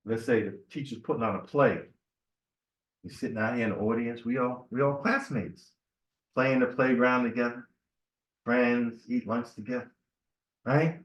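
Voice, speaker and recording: A man's voice: medium pitch, normal speed, long pauses, roomy sound, lo-fi sound. A man giving an informal, conversational sermon at a temple meeting, telling stories and checking in with the room. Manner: conversational, storytelling, asks the room "right?". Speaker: temple speaker.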